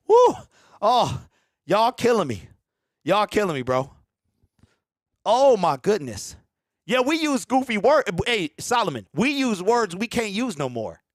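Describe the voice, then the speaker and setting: A man in his forties hosts a casual fan show. His voice sits high for a man and swings widely in pitch as he riffs on viewer comments and laughs. The sound is close and dry, with almost no room around it. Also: no room sound. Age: 40s. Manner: animated, laughs often, talks straight to the audience. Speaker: sports fan show host. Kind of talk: casual live-stream chat reading viewer comments.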